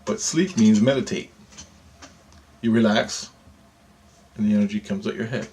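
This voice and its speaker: A man's voice: lowish voice, steady tone, moderate pace, mellow, husky. A man telling a rambling, profane personal story, repeating himself as he goes. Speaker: vlogger recounting ghost hunting.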